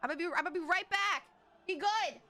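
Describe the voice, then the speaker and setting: A woman's voice: very high voice, fast, bright, forceful tone. A woman hosting her live stream, chatty, giggly and a bit scattered as she welcomes guests. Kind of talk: casual live-stream chat.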